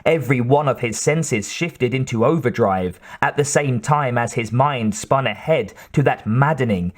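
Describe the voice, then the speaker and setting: A man reading an audiobook in a measured, even scripted narration. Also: mid-range voice.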